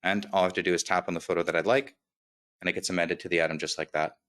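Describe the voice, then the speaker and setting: Webinar presenter, male, slight lisp, flat low delivery, energetic product walkthrough. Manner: upbeat, quick, with filler "right?" checks. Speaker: software demo presenter.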